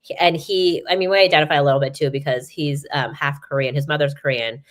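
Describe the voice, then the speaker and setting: A woman sports reporter chatting as a guest on an interview show, telling stories in an animated way, full of "like" and "you know". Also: deep voice, fast talker. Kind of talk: casual interview chat. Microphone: remote live-stream mic.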